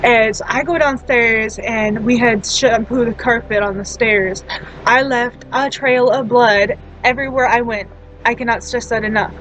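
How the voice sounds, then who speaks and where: Young woman, fairly high voice, casual storytime, frequent laughs, traffic noise behind. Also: fairly even intonation, moderate pace, fairly bright tone, poor audio. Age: 20s. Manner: laughs often, self-deprecating. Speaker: storytime vlogger.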